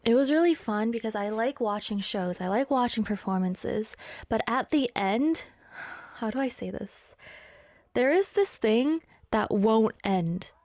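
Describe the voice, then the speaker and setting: A woman's voice: fairly high pitch, expressive, measured pace, a little mellow, no echo. A woman hosting a radio show in a studio, chatting casually in a bubbly, rambling, playful way. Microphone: studio microphone.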